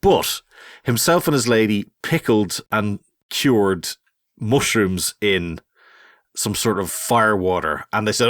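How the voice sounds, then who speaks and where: Man with an animated storytelling voice. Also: fairly low pitch, normal speed, dry recording, clean studio sound. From Ireland. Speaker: podcast host. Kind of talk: casual chat.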